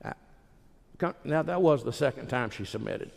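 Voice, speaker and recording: A man's voice: mid-range voice, expressive, normal speed, vocal fry, a little mellow. A man preaching a sermon in a folksy, emphatic storytelling manner. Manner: folksy, emphatic, acts out quoted voices. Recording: reverberant hall.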